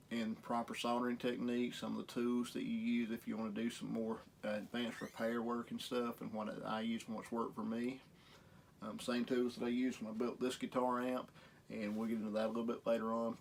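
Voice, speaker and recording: His mid-range voice has vocal fry and a slightly mellow quality, with slight background noise behind it. A Southern-accented guitar repair host, he gives an easygoing, folksy, self-deprecating demo of a guitar setup.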